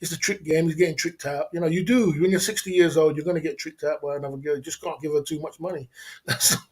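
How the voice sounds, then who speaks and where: A man hosts a casual livestream, reading viewer comments and answering them in streetwise slang, rambling and repeating himself. His voice is fairly high and a little mellow, with fairly even intonation and a fast pace.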